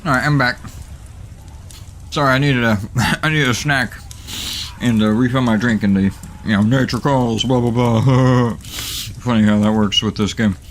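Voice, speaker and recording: A man hosting a gaming channel, giving excitable, jokey let's play commentary that is full of swearing and laughter. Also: mid-range voice, a little slow, long pauses, slight background noise.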